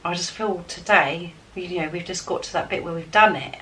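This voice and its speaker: A woman giving a spiritual tarot guidance reading, excitable and enthusiastic as she talks straight to her viewers. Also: on the low side, normal speed. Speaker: tarot card reader. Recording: distant mic with faint background noise.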